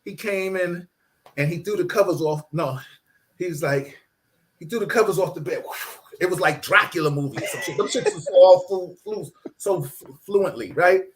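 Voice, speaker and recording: Animated middle-aged man telling a story. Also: sits high, moderate pace, slight background noise. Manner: animated, laughing, acts out voices in his story. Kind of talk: casual storytelling chat.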